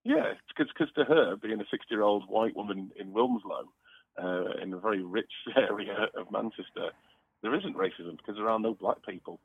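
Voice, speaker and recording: A man's voice: fairly low pitch, moderate pace, husky, no echo. A man who is a comedian guest, calling in while recovering from an illness, chatty and laughing often. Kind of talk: phone-in interview. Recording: tinny phone line.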